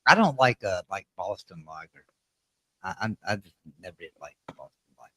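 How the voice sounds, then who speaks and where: Lower-voiced man stammering in casual chat. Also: very animated, fairly quick, pushed and bright, no room sound. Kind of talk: casual chat on a live stream.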